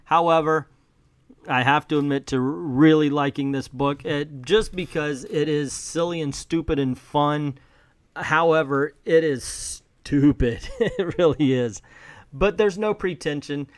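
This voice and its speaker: A man's voice: fairly high pitch, measured pace, dry recording. A man casually reviewing a comic book, amused and mocking.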